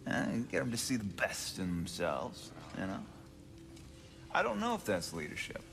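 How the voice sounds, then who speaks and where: A man's voice: on the low side, wildly swooping pitch, normal speed, gravelly, a bit bright, in a large hall, full character voice. An actor playing an easygoing, fun-loving male leader with a laid-back, joking manner, in a video game cutscene. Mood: reflective.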